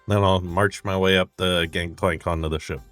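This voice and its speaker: A man plays a tabletop game, chatting casually and earnestly in character. His voice sits low, recorded dry and close. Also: fairly even intonation, normal speed, fairly bright tone, no echo, faint music behind. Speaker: player. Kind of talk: casual tabletop role-play.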